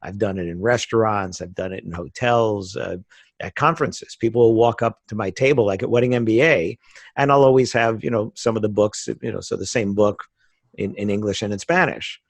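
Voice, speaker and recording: A man's voice: on the low side, a little fast, creaky, no echo. A middle-aged American man from the United States, a podcast guest chatting casually and telling stories with frequent laughs. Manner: chatty storyteller, laughs often.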